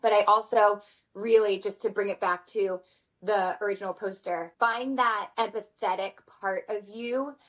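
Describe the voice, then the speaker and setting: A woman in her thirties, a mother of four, speaking as a podcast guest in an earnest, animated way. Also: mid-range voice, a little slow, rough recording. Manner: earnest, animated, acts out her kids' voices. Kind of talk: conversational interview.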